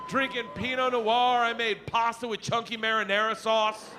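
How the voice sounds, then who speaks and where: A middle-aged man doing stand-up, telling stories in a loud, crude, animated way that breaks into shouts. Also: very high voice, normal speed. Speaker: stand-up comedian. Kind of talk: stand-up storytelling. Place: comedy club stage before a live audience. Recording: live room noise from the crowd.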